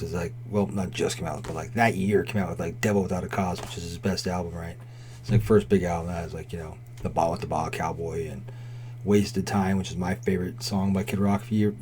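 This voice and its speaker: A man's voice: on the low side, a little mellow, a little hiss or hum. A man in his forties telling a rambling, profanity-laden story in a casual way, with constant "right?" and "like". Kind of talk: casual spoken anecdote.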